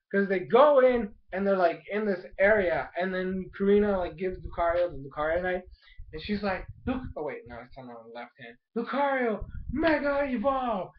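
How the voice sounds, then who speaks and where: Young guy w a high voice, super hyped recapping an episode, muffled lo-fi sound. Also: a little hiss or hum. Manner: hyped, gushing, acts out quotes in bursts. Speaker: anime review vlogger.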